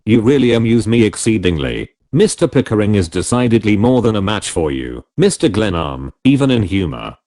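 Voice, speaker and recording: A man's voice: lowish voice, big pitch swings, fairly quick, few pauses, warm tone. A man reading a scornful, mocking young woman. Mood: disdainful. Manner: cold, cutting, disdainful delivery.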